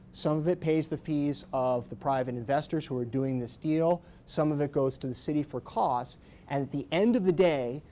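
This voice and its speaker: A middle-aged man, an attorney, giving an animated seminar talk and acting out the quoted voices as he goes. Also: on the high side. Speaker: attorney speaking at a training seminar.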